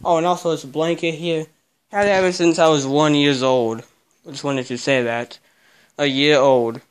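A man's voice: fairly high pitch, steady tone, moderate pace, clean tone. A young man grumbling and swearing through a casual vlog while he cleans a cluttered bedroom. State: out of breath. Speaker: vlogger.

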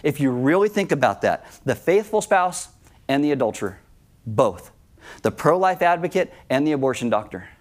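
Guy preaching a sermon at church, kinda high voice, emphatic, acts out the quotes. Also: big pitch swings, moderate pace. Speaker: pastor.

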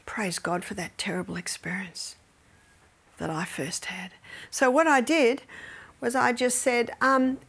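A woman's voice: a little high, measured pace, vocal fry, fairly bright tone, breathy edge. A middle-aged woman gives a faith-based health lecture, telling stories with animation and often dropping to near-whispers.

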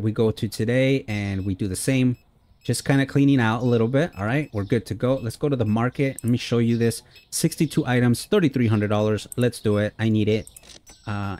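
Chatty low-voiced man gaming commentary. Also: a little mellow. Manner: chatty, friendly, many "uh" fillers. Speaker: gaming YouTuber. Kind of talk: casual let's-play commentary.

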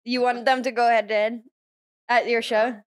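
A woman's voice: a little high, level tone, normal speed, dry recording. Playful woman comedian with a dry, close voice. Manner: playful, silly, laughs at own jokes. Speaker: comedian guest. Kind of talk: casual comedy podcast chat.

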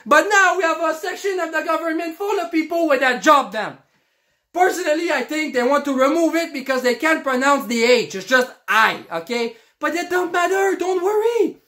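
A man's voice: extremely high pitch, animated, moderate pace, pushed and bright, exaggerated voice. A man playing a cocky, crude Montreal guy who rants in broken English with a Quebec French accent. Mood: ranting. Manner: profane, blunt, broken English. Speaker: comedy character. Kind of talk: comic rant to camera.

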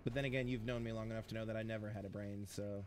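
A man's voice: on the low side, fairly even intonation, very fast, slight background noise. A man casually commenting on a video game as he plays, joking and swearing, talking to his chat and to characters on screen. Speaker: streamer playing a video game.

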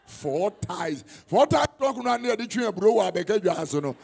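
Gravelly Ghanaian preacher, high and lively. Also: male voice, moderate pace. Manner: bursts into shouting, mixing Twi and English. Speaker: prophet. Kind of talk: sermon. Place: conference hall.

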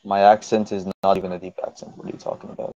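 A man's voice: sits low, level tone, very fast, dark tone. A man debating in an online voice chat from outdoors on a phone, brash and mocking, talking over his opponent. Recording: dry, dull lo-fi phone mic.

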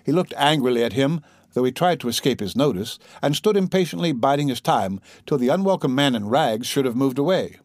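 A man narrating a classic novel in a steady, measured way, his voice sitting at an ordinary middle pitch. The recording is close and very dry, with no room sound. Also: dry recording. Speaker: audiobook narrator.

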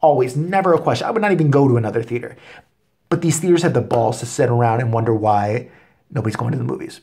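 A man's voice: mid-range voice, fast, creaky, dark tone, husky. A man telling an angry story as a vlog rant, cursing constantly and getting worked up. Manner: angry, expletive-heavy storytelling. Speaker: vlogger. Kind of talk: profane comedic rant.

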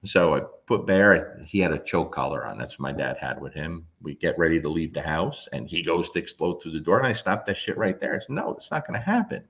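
A man's voice: extremely low pitch, expressive, fairly quick, creaky, hardly any pauses, a bit bright. A man in his fifties, a dog trainer, telling a story in a blunt, emphatic way and swearing freely. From New Jersey. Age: 50s. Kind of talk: casual storytelling monologue.

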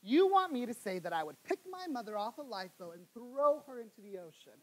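Exasperated, pleading husband, played by a woman on stage; fairly high voice. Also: sing-song, a little fast. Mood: defiant. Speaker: stage actor. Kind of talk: live stage play acting. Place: theater stage.

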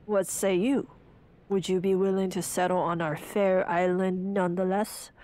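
A woman's voice: on the low side, flat delivery, moderate pace, dark tone, close to an everyday voice. Woman putting on a formal male mayor. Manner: formal, old-fashioned speech. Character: pompous middle-aged male town mayor.

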